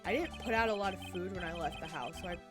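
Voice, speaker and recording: A woman voicing a laid-back young male surfer type in a lower, drawling voice. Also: quick pace, natural voice. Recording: game music playing behind.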